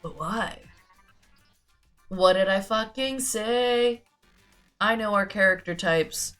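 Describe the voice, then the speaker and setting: A woman's voice: mid-range voice, takes it slowly, a bit bright, soft background music. Chatty sick woman streamer. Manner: chatty, laughs often. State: sick with a sore throat. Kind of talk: casual gaming stream commentary.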